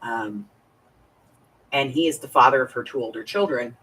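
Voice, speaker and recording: A woman's voice: extremely low pitch, moderate pace, a bit bright, husky. A woman in her fifties hosting a crafting live stream, chatting in a confiding way and greeting viewers by name. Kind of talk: casual chat while crafting. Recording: voice a bit far from the mic.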